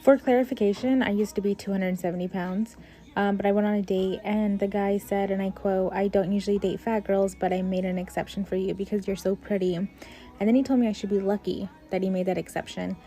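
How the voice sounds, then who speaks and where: A woman's voice: medium pitch, steady tone, fairly quick, warm tone. A woman telling a dating story wryly, quoting with emphasis. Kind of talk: casual storytelling.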